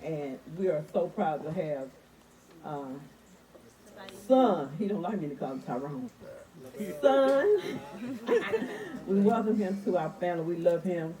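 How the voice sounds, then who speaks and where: A woman's voice: on the low side, big pitch swings, measured pace, pauses often, mellow. A woman speaking as the groom's mother, giving a chatty toast and laughing between sentences. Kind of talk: casual toast. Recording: distant mic in a noisy crowd. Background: crowd of guests.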